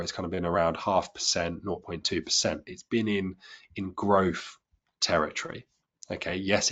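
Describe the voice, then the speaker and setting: A man with a deep, fairly bright voice and a breathy edge teaches a trading lesson to a live class. Chatty and self-deprecating, he often restarts and repeats words as he explains.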